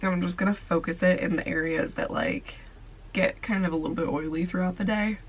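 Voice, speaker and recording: Young female beauty vlogger, sleepy, gravelly low voice, chatty filler-heavy delivery. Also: fairly even intonation, a little fast, poor audio. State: sleepy, tired voice. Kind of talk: casual makeup tutorial.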